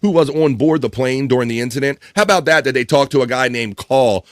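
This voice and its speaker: A man's voice: mid-range voice, brisk, no room sound, studio quality. A man hosting a casual live stream, joking around and reading viewer comments aloud. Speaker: show host.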